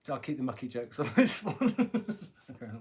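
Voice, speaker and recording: His mid-range voice brisk and sing-song, a tarot reader chats into a phone on a live stream. He jokes, laughs often and swears in a casual way.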